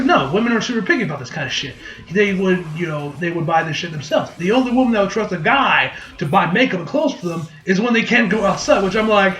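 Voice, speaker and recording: Rambling high-voiced male anime reviewer. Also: fast talker, reverberant. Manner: rambling, profane, acts out quotes in animated voices. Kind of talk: casual episode recap review.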